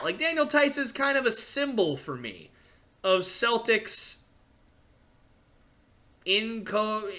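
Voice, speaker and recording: A young man hosting a casual sports podcast, ranting excitedly with frequent fillers and restarts. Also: high-pitched, takes it slowly, pauses often. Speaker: podcast host.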